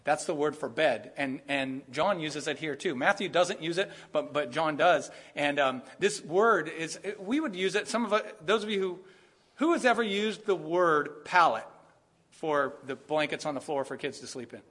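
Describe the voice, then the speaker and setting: Animated preacher, fairly high voice. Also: male voice, moderate pace. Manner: animated, acts out quoted voices, rising to bursts of emphasis. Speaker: pastor. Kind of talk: sermon.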